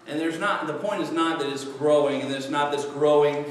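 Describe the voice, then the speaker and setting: High-voiced pastor in an echoey church. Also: male voice, normal speed, a little hiss or hum. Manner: conversational, jokey, acts out quoted excuses. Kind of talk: sermon. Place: church sanctuary. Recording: echoey church hall from far off.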